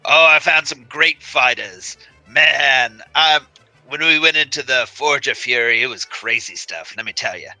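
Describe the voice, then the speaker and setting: A man's voice: medium pitch, measured pace, sharp tone, no room sound, faint music behind, rough recording. A man playing a tabletop game, talking in character in a chatty, enthusiastic way. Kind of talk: in-character role-play.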